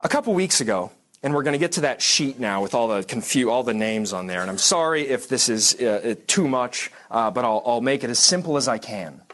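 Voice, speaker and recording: A man's voice: mid-range voice, animated, fairly quick, fairly bright tone. A man giving a church history lecture to a congregation class, conversational and digressive, with frequent restarts and dry asides.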